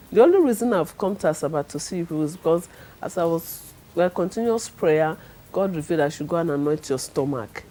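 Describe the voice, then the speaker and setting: A middle-aged woman, telling her testimony in a lively way and acting out the people she quotes. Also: fairly low pitch, poor audio. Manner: acts out the people she quotes, laughs often. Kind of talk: animated storytelling.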